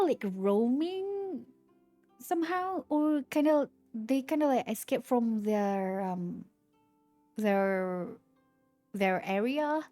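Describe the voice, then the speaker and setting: A young woman streamer chatting casually with her viewers, retelling things in a halting, rambling way with many restarts. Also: fairly high pitch, darkish tone.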